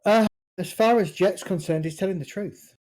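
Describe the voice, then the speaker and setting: A game master narrating a tabletop game in a casual, halting way. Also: medium pitch, a little mellow.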